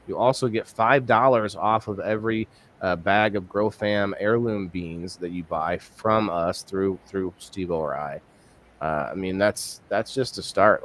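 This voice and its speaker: A man's voice: lowish voice, slight background noise. A man hosting a casual live-stream podcast, rambling with many restarts and reading viewer comments aloud. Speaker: podcast host.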